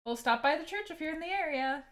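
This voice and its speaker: A woman reading the lines of a caring middle-aged mother in a video game, gentle and chatty. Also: high-pitched, expressive, quick pace, pitched above the performer's own voice.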